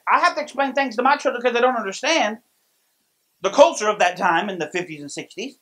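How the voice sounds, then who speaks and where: A man preaching a sermon as pastor, telling stories with lively delivery and frequent restarts. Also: very high voice, a little fast, poor audio. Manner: storytelling, lively, many restarts.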